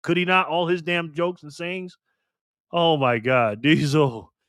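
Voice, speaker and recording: A man's voice: on the high side, unhurried, a bit bright, no echo, clean studio sound. Laughing man hosting a live stream. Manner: laughs often, banters with chat. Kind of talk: casual live stream chat reading comments.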